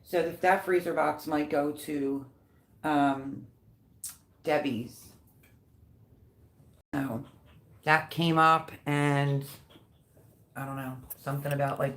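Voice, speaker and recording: A middle-aged woman chats away on a casual live stream, rambling from one story to the next. Her voice sits a little low for a woman. Now and then she breaks off to coo softly at the dogs around her. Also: fairly even intonation, takes it slowly, long pauses. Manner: chatty, rambling, coos baby talk at the dogs.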